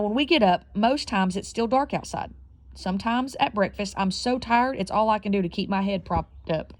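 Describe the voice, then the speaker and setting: A woman's voice: mid-range voice, no echo. A woman reading a children's novel aloud, telling it with expression and the odd self-correction. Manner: expressive storytelling, slight slips and self-corrections. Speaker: reader.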